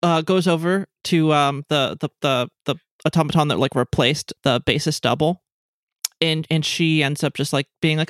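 A woman's voice: low voice, moderate pace, dry recording, studio quality. A woman game master narrating a tabletop game in a rambling way, full of fillers and restarts.

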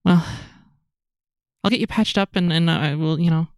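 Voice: medium pitch, no echo, studio quality, lightly acted. A game master voicing a hesitant bedside nurse. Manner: halting, stammering speech with soft fillers. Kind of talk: tabletop game character voice.

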